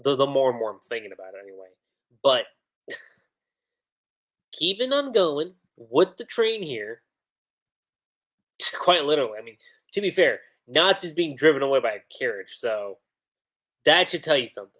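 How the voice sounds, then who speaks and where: A man's voice: mid-range voice, big pitch swings, moderate pace, pauses often, a bit bright. A man casually recapping an anime episode on a livestream, retelling scenes and quoting the characters as he goes. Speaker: anime reviewer.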